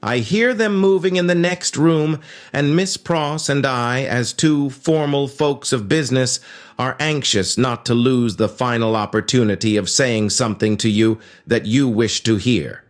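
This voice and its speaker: A man voicing a gentle, fussy old bachelor banker in an audiobook, speaking with fond, old-fashioned courtesy. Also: medium pitch, unhurried, soft background music, pitched above the performer's own voice, lightly acted. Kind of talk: audiobook character voice.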